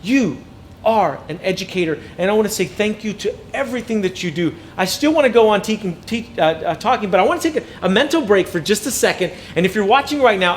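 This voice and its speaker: High-voiced animated male speaker. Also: a little hiss or hum. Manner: animated storyteller, acts out quotes, repeats words. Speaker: motivational speaker. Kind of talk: storytelling keynote speech.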